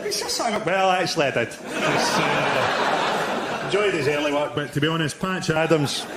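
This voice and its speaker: A man performing a stand-up routine with a deadpan, biting delivery. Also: fairly high pitch, moderate pace, heavy background noise. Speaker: stand-up comedian. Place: theatre stage with audience. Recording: live show with loud audience laughter.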